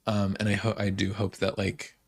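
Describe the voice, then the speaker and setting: A man's voice: on the low side, monotone, moderate pace. A man hosting a podcast, chatting casually through a reality show recap and quoting people as he goes. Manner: chatty, many fillers and quoted asides. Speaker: podcast host.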